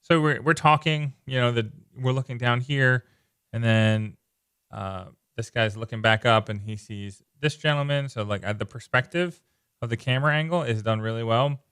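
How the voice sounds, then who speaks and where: A man casually walking through comic book pages, excited and loose, leaning on "like" and repeating himself. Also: medium pitch, moderate pace, smooth, dry recording, studio quality. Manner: enthusiastic, loose, repeats words, lots of "like". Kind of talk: casual page-by-page comic commentary.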